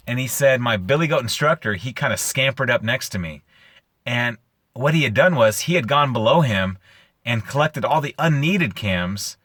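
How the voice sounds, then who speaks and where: A man's voice: mid-range voice, a bit bright, no room sound, studio quality. A man hosting his own show, retelling a story casually and with animation, using lots of "like" fillers. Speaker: host.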